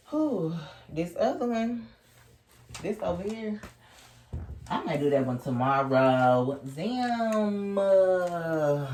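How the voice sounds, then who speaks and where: A man's voice: high voice, takes it slowly, long pauses, over loud music. A young man telling a wild story in a casual storytime vlog, swearing constantly and laughing as he talks. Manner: animated, swears constantly, laughs while talking. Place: indoors at home, sipping a drink.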